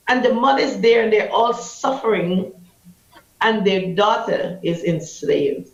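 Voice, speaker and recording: A woman's voice: medium pitch, expressive, takes it slowly. A Guyanese woman, an anti-trafficking activist, telling a personal story in an interview with passion, acting out what people said. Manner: impassioned, vivid storyteller acting out quotes. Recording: roomy, slightly muffled.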